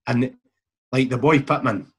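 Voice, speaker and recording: Speaking at a measured pace in a mid-range voice with a breathy edge, a middle-aged Scottish former footballer rambles through a casual story. He chuckles and acts out other people's remarks in reported speech.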